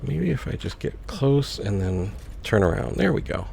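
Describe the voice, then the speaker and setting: A man's voice: on the low side, very animated, normal speed, creaky, mellow, a little hiss or hum. A man casually commenting on his own gameplay, musing aloud to himself as he plays. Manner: musing, talks to himself while playing. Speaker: let's play host.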